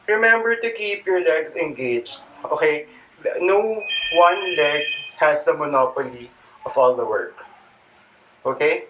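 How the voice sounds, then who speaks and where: A man's voice: on the high side, animated, a little slow, a bit bright. A man with a Filipino accent demonstrating a yoga stretching routine, chatty and a bit out of breath, with jokey asides. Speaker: fitness vlogger. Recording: distant mic with faint background noise.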